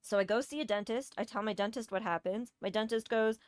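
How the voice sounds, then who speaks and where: A woman's voice: mid-range voice, brisk, few pauses, clear, resonant tone, no echo, studio quality. A woman telling a personal story in a casual, exasperated rant, swearing often and hitting key words hard. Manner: exasperated, profane, emphatic.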